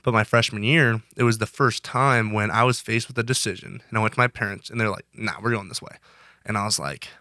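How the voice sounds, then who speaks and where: A man's voice: fairly low pitch, a little fast, sharp tone, dry recording, studio quality. A young man in his twenties, a guest in an interview, talking earnestly in casual chat, rambling with many restarts. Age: 20s. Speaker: guest, college wrestler.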